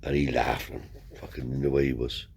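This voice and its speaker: A man with a very low voice spins a long, rambling tale in broad, everyday speech. He swears freely and slips into the voices of the people in his story. There is a faint hiss behind him. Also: level tone, brisk, creaky, a little mellow. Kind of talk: casual spoken anecdote.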